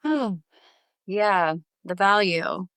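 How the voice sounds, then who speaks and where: A woman's voice: mid-range voice, expressive, drawn-out words, fairly bright tone, clean tone, dry recording. A woman chatting playfully as a guest on a podcast. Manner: playful and joking. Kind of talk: casual chat.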